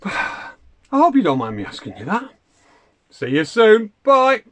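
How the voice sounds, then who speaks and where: A man's voice: high voice, wildly swooping pitch, measured pace. A man from the United Kingdom, a fellow video creator who sends in a question in a bubbly, effusive way, heaping on the praise.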